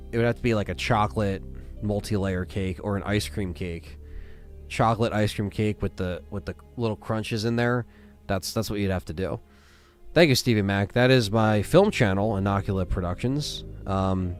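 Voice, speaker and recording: Tired guy streaming, lowish voice, rambles w lots of ums, bit of music in the back. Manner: rambling, lots of fillers and restarts. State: tired, yawning. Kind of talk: casual live-stream chat.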